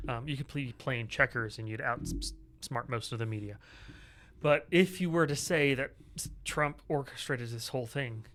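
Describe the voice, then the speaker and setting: A man's voice: medium pitch, fairly bright tone. A man co-hosting a political podcast in casual chat, with a sarcastic, joking manner. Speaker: podcast co-host.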